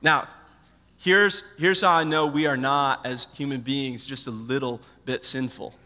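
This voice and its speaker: A man preaching a sermon in a church, telling a lively story and quizzing the children in the pews. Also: mid-range voice, a little slow. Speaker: pastor. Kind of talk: sermon to a congregation. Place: church sanctuary. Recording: long hall reverb.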